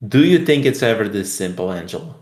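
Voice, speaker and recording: A man's voice: on the low side, lively intonation, a little fast, a little mellow. A man co-hosting a casual sports betting podcast, teasing his co-host and joking about his picks.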